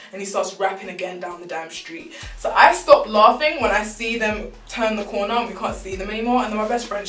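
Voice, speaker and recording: A young woman telling a casual, animated storytime full of slang. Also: medium pitch. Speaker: vlogger. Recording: roomy, distant mic, faint background music.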